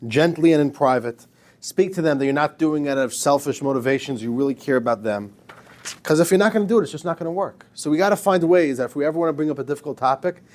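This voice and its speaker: A man's voice: medium pitch, a little mellow. A man, a rabbi, giving an informal, emphatic lecture to a class, joking with his students.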